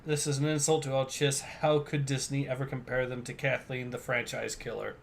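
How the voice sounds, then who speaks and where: A man's voice: mid-range voice, flat delivery, a little fast, vocal fry, a little hiss or hum. A young man hosting a livestream in a casual way, reading viewer comments aloud with fillers. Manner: laid-back, reads viewer comments aloud with fillers and laughs. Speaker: livestream host.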